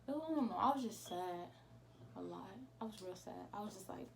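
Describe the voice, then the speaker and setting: Teen girl, casual storytime, lively quoting. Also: medium pitch, a little fast, gravelly, background noise. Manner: animated retelling with quoted dialogue. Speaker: vlogger.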